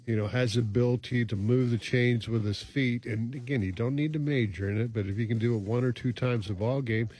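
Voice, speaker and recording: A man's voice: medium pitch, fairly even intonation, brisk, few pauses, a little mellow, breathy edge. A man talking football as a radio analyst, rambling and full of fillers. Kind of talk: sports talk radio analysis.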